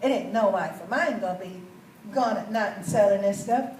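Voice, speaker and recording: A man's voice: high voice, moderate pace, darkish tone, reverberant, distant mic, a little hiss or hum, lightly acted, low-quality recording. A woman voicing her bossy, controlling husband as she quotes him bluntly laying down the law. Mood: stern.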